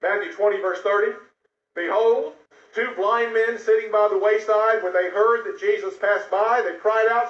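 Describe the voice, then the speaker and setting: A man preaching a sermon, swinging from loud raised phrases to hushed asides. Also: high voice, fairly even intonation, normal speed. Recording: echoey, dull lo-fi sound.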